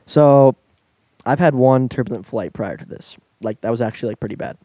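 A man's voice: medium pitch, brisk, no echo, lo-fi sound. A man casually telling a long travel story on a podcast, laughing as he goes and acting out the voices of the people in it.

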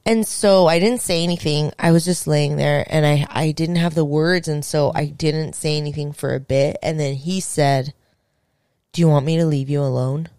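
A young woman hosting a podcast, telling a story in casual chat, animated and swearing, acting out what people said. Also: deep voice, normal speed, clear, resonant tone, no echo, clean studio sound. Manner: animated, swearing, acts out quotes. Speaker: podcast host.

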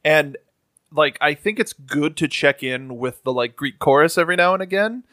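A man co-hosting a casual podcast, dry and measured. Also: on the high side, expressive, pushed and bright, no echo. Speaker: podcast co-host. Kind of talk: casual chat.

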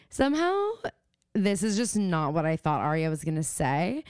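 Young woman podcast host, lowish voice, smooth and dry, swearing and gossiping. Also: very animated, measured pace, no echo. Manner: chatty, swears freely, acts out quotes. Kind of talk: casual recap chat. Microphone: remote call mic.

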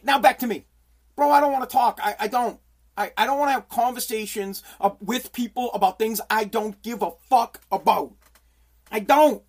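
A radio personality with a very high voice vents at a moderate pace in a profane, exasperated monologue, circling back and repeating himself.

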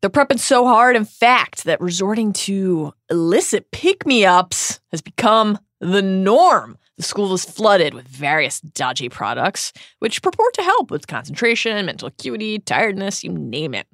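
A woman co-hosting a podcast, recapping chapters in a lively scripted style with playful asides. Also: medium pitch, a little slow, hardly any pauses, no echo, studio quality. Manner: lively, expressive storyteller voicing quotes. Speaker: podcast co-host.

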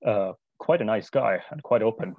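A young man talks as a guest, hesitant and pausing often on filler sounds. His voice is fairly low, and the audio is dull and lo-fi with no room echo. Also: expressive, vocal fry. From United Kingdom. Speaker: interview guest. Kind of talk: casual conversational interview.

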